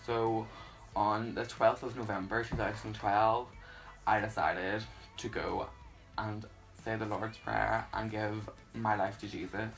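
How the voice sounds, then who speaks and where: A young man, sharing his personal faith testimony in an earnest, halting way with many fillers. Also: on the low side, little pitch movement, gravelly, fairly bright tone, faint music behind, poor audio. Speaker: YouTuber.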